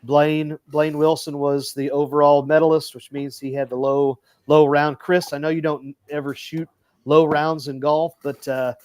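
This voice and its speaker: A man's voice: fairly high pitch, flat delivery, moderate pace, darkish tone, clean tone, no echo. Rambling, giggly man. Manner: rambling, giggly, lots of fillers. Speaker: podcast host and coach. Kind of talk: casual chat.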